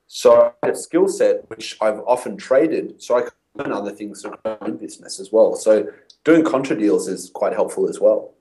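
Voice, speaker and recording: A man's voice: lowish voice, moderate pace, warm tone, low-quality recording. A man, a guest in an interview, telling stories and acting out past conversations. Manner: storytelling, acts out his own past dialogue. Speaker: guest copywriter.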